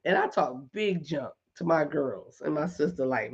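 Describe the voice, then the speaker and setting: A middle-aged woman hosting a casual live chat with her viewers, talking in an animated way, repeating points for emphasis and laughing often. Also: sits low, normal speed, few pauses, husky, highs cut off. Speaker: host.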